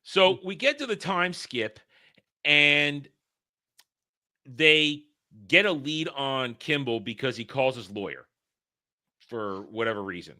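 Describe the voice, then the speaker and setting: Casual podcast co-host, male, bright tense tone, stumbly and animated. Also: mid-range voice, slow pace, long pauses. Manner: excitable, stumbles over words, acts out movie lines. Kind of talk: casual film discussion.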